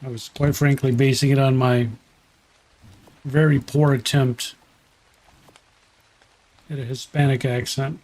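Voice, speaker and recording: A man's voice: mid-range voice, little pitch movement, measured pace, pauses often, darkish tone. Chatty man streaming a game. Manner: chatty, thinking aloud and correcting himself. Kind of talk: casual gameplay commentary.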